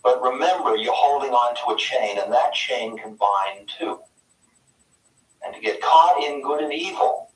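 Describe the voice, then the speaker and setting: A man giving a live spiritual talk in a conference hall, animated and playful, swinging between loud bursts and soft whispers. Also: mid-range voice. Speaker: spiritual teacher. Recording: echoey hall, mic far off.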